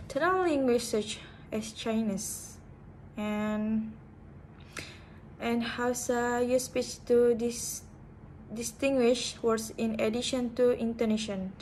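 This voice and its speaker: A young woman talks through a class presentation, slightly high and very unhurried. She hesitates often and restarts her phrases, and a faint hiss of noise sits under her voice. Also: darkish tone, low-quality recording. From Indonesia. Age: young adult. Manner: hesitant, with frequent fillers and restarts. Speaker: student presenter.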